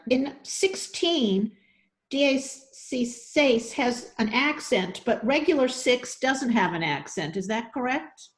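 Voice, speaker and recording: A woman's voice: a little high, animated, slow. An older woman student asking polite, careful questions in class. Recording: roomy echo.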